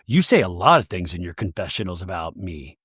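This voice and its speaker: Man putting on a lower, cutting woman, flat and accusing, dry sound. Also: a little fast, husky, no echo, full character voice. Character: cold, cutting middle-aged woman, accusatory.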